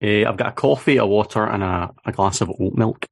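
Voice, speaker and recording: A man's voice: on the low side, fairly quick, vocal fry. A Scottish man with a lingering cough, chatting wryly as a podcast panelist. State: recovering from a cough. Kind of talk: casual chat.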